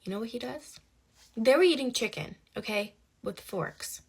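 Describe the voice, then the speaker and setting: A woman's voice: fairly high pitch, expressive, normal speed, darkish tone, breathy edge. A young woman telling a personal story in casual, emphatic chat, with rhetorical asides. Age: young adult.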